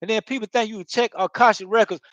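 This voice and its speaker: A man's voice: sits high, steady tone, fast, a bit bright, no echo, highs cut off. A man hosting his own channel, giving a casual spiritual talk in a rambling way, full of profanity and street slang. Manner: rambling, profane street slang, constant "you know what I mean". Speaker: channel host.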